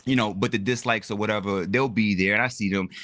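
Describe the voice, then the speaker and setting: A man chatting casually as a guest creator on a toy livestream, animated and full of "my brother" and "you know what I'm saying". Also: lowish voice, fast talker.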